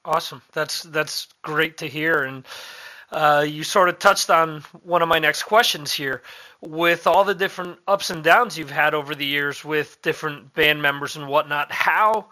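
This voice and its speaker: A male podcast host giving brief backchannels and asking unhurried interview questions. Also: fairly high pitch, steady tone, bright, forceful tone.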